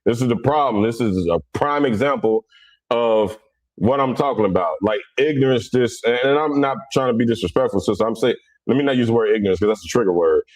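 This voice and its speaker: A middle-aged man from Cincinnati talks. He speaks bluntly and with a lot of energy, and his voice sits at an ordinary male pitch. His delivery is rough around the edges. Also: fairly quick, no room sound. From Cincinnati, USA. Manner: blunt, animated, rough-edged. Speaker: livestream host. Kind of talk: casual livestream talk.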